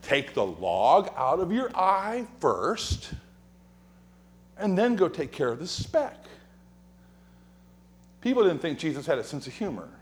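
A male pastor delivers a sermon in a church sanctuary. His voice sits a little high and swings widely in pitch as he tells funny stories and acts out whispered gossip. He talks like a storyteller, building to punchlines. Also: unhurried, pauses often. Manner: animated, joking storyteller who acts out quotes and whispers.

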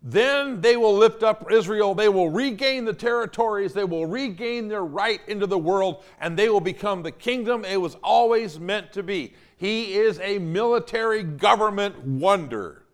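A male pastor preaching a sermon, emphatic and animated, acting out the quotes he tells. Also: high voice, normal speed, hardly any pauses.

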